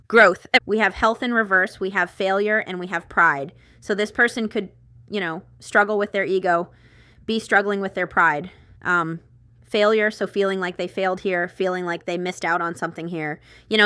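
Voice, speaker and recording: A woman talks through a tarot spread in a loose, chatty way, wandering into asides and holding back laughter. Her voice is bright and smooth. The recording is close and dry. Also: medium pitch, dry recording. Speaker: tarot reader. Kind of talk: casual tarot reading to camera.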